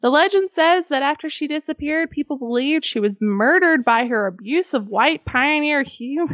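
A woman from Arkansas reads ghost stories aloud for a casual podcast, her voice pitched high. She breaks off for jokey, sweary asides and plenty of laughter. The recording is dry and a little dull, with no room sound. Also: animated, normal speed, a bit bright, dry recording. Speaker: podcast co-host.

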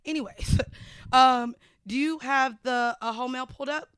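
A woman's voice: high voice, moderate pace, a bit bright, clean tone, no echo, clean studio sound. A woman co-hosting a podcast in casual chat, playful and frank with much laughter. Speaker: podcast co-host.

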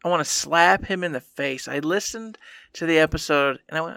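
A young man on a gaming podcast chews out his past self with mock anger, sometimes slipping into a whiny parody of himself. His voice sits high and sounds bright and forward. The mic is close and dry. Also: fairly quick, creaky, clear, resonant tone, no echo. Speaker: podcast co-host. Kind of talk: casual podcast chat.

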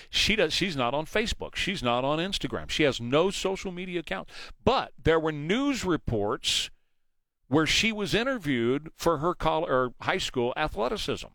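A man hosts a morning talk show on the radio, pressing his points with rhetorical questions. His voice sits on the high side, and the sound is dry and close to a studio mic. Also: a bit bright, no echo. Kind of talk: morning news talk monologue.

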